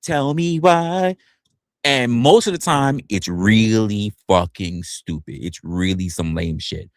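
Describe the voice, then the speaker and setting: A man's voice: low-pitched, measured pace, no echo, studio quality. A man in his forties giving a blunt, profane livestream rant from his home office. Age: 40s. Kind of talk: ranting livestream monologue.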